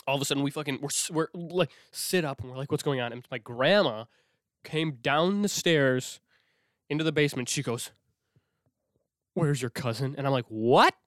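A young man from Minnesota telling a spooky childhood story in a casual, animated way, swearing often and dropping to a whisper when he quotes himself. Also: medium pitch, moderate pace, no room sound, clean studio sound. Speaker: host.

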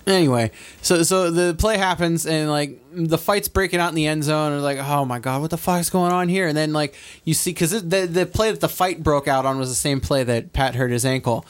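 A man's voice: a little high, brisk, clear, resonant tone. A young man in casual sports chat, telling a long rambling story with frequent laughs and swearing. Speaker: podcast co-host.

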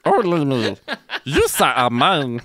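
A man voicing a goofy cartoonish male alien sidekick in a high, lilting put-on voice while reading aloud on a podcast. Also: wildly swooping pitch, slow, pushed and bright, no room sound, clean studio sound, exaggerated voice. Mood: silly. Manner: high squeaky lilting put-on voice, breaking into giggles.

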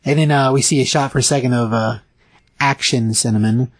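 A man talking through a comic in relaxed chat, his voice a little husky and dry. He keeps it animated and jumps into quick character voices for the dialogue. Middle pitch, nothing echoing around him. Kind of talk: casual chat recapping a comic.

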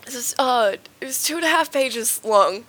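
A woman guest on a comedy podcast who chats casually and reads a letter aloud. Her voice is bright and slightly high. She giggles often and trips over a word here and there. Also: expressive, normal speed, husky, rough recording. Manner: giggly, stumbles when reading.

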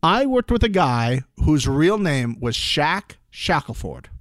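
A man's voice: on the high side, big pitch swings, slow, fairly bright tone, dry recording, studio quality. A man co-hosting a casual recap podcast, joking and playfully spelling out names. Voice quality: playful, jokey. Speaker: podcast co-host.

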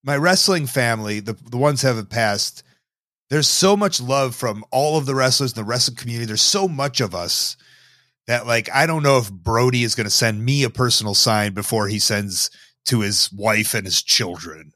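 A man's voice: mid-range voice, normal speed, pushed and bright, dry recording, studio quality. A man from Illinois chatting casually as a podcast guest, talking in a rambling, wry, reflective way.

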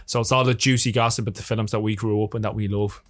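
An Irish man, a filmmaker guest on a podcast, chatting casually and telling animated stories with plenty of swearing. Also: lowish voice, fast. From Ireland. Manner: swears freely, animated storytelling. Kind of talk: casual chat.

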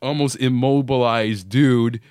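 A man's voice: mid-range voice, steady tone, a little slow, a little mellow, clear, resonant tone, no room sound, studio quality. A young man co-hosting a podcast, telling a casual story full of "like" and "um". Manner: laid-back, filler-heavy storytelling. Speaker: podcast co-host.

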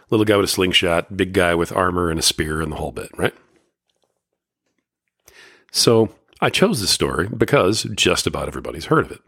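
Deep-voiced man talking casually. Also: dry recording, clean studio sound. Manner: loose, conversational, heavy on fillers. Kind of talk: casual talk retelling a Bible story.

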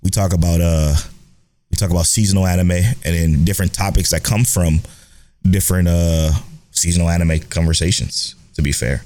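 A young man co-hosting a casual podcast, animated and swearing freely as he chats. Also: low voice, moderate pace. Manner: animated, swearing, laughing, self-mocking. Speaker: podcast co-host. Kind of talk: casual chat.

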